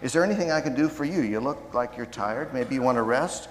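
A preacher voicing a polite thrifty farmer. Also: male voice, medium pitch, lively intonation, a little fast, big-room sound, slight background noise, natural voice, rough recording.

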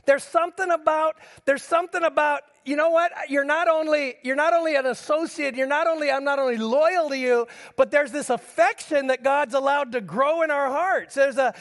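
A middle-aged man with a notably high voice preaches to his congregation, telling stories from his own life. His words ring out with a long reverb in a large church hall. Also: moderate pace, hardly any pauses, fairly bright tone. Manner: storytelling preacher addressing the congregation directly. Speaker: pastor. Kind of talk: sermon.

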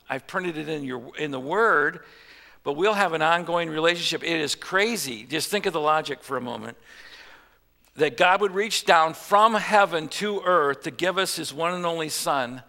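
A pastor delivers a sermon conversationally, cracking jokes and putting rhetorical questions to the congregation. His voice is fairly high, pushed and bright, at a moderate pace. The recording carries the reverb of a church hall.

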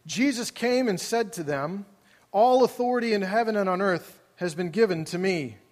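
A man preaching a sermon in a high voice, talking casually with his congregation and asking them questions. His voice rings out in a large auditorium with a long reverb tail. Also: normal speed. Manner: conversational, asks the congregation questions. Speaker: pastor.

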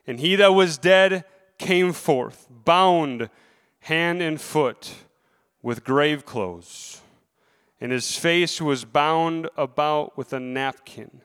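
A man's voice: on the high side, a bit bright, smooth, in a large hall. A man preaching a sermon, reading scripture aloud and then speaking earnestly, repeating key lines.

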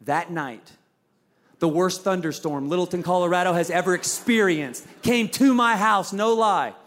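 Man, pastor, fairly high voice, conversational sermon, acts out quotes. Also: normal speed, a bit bright. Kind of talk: sermon with personal story.

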